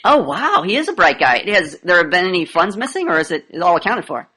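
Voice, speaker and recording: A woman conducting a comedic interview, pushing with sarcastic, deadpan and provocative questions. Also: fairly low pitch, fairly quick, breathy edge.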